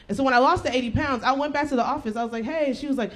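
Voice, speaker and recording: A woman doing a brash, loud, animated stand-up routine. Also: sits high, racing. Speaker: stand-up comedian. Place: comedy club stage. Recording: crowd laughter and noisy room.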